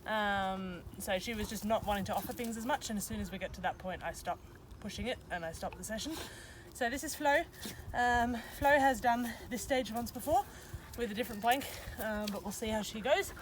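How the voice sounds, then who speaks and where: A woman's voice: medium pitch, fairly quick. Woman, dog trainer, casual teaching, praises dogs often, noisy outdoor recording. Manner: chatty, breaks off to praise dogs, beeping cues.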